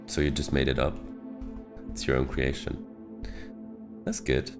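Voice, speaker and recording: A man's voice: extremely low pitch, flat delivery, measured pace, gravelly. A man from Switzerland with a Swiss accent, casually commenting on a game he is playing and thinking aloud in a self-mocking way. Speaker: game streamer. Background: game music.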